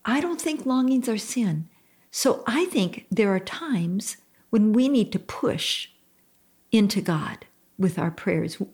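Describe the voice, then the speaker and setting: This is an older woman hosting a Christian talk program. She speaks very slowly and deliberately. Her tone is earnest and heartfelt, and she leans into each phrase as she gives counsel. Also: mid-range voice, lively intonation, a little mellow, husky. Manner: slow-paced. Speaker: radio show host.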